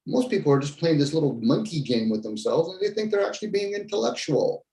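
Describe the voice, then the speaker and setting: A man's voice: on the high side, very animated, fast talker, warm tone. A man in casual conversation, talking bluntly and ranting, with some swearing. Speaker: podcast host. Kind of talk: casual debrief chat. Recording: echoey room.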